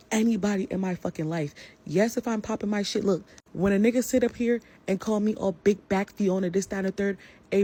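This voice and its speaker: A woman's voice: mid-range voice, warm tone, breathy edge. A woman giving an angry, profane rant to the camera about a falling-out with a friend. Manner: heated, profane, confrontational. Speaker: social media personality.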